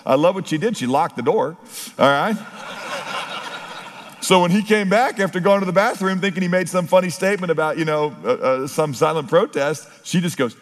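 A man's voice: fairly high pitch, expressive, fairly quick. A middle-aged man preaching a sermon as pastor, building emphasis and breaking into story asides. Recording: long hall reverb.

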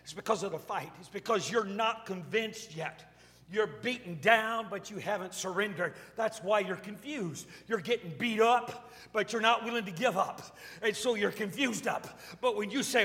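A man's voice: high voice, normal speed, pushed and bright, in a large hall. A man pastor delivering a sermon, building to impassioned preaching. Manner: preaching with swelling intensity.

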